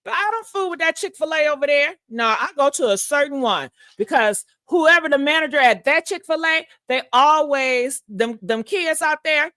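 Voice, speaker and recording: Sassy high-voiced woman. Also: bright, forceful tone, no echo, clean studio sound. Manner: sassy, laughs often, drawls words out. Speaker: host. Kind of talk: casual live-stream chat.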